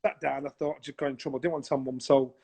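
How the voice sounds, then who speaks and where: A man telling a childhood story over a video call, animated and acting out the voices of people in it. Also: medium pitch, rapid-fire, vocal fry, breathy edge. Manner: animated, acts out voices in his anecdotes. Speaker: guest. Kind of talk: casual storytelling in a conversation.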